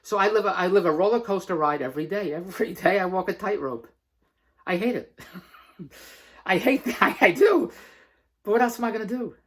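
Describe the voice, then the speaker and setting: A man's voice: high-pitched, fast talker, a bit bright. Rambling man laughing through a pep talk. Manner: rambling, emphatic, laughs often between phrases. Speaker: vlogger and entrepreneur. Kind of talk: casual motivational vlog monologue.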